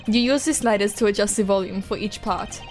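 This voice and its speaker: Cocky male rock-star prosecutor with a German accent, put on by a woman, smooth and showy; faint music behind. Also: medium pitch, fairly quick, lightly acted. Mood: instructive. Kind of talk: reading game dialogue aloud on stream.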